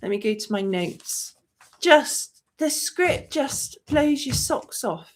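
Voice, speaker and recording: Brief: effusive female movie-channel host, casual stream chat, higher-pitched voice. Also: expressive, slow. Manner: effusive, gushing, chatty; reads viewer comments aloud.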